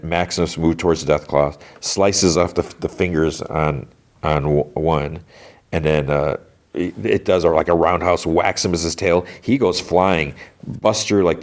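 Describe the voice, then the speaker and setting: Low-voiced man casually recapping episodes. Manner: rambling, full of "like" and restarts. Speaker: podcast host.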